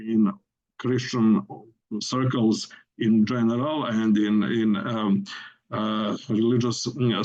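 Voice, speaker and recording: A man giving an academic lecture, speaking haltingly with frequent fillers and self-corrections, thinking aloud as he explains. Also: medium pitch, a little mellow, dull audio.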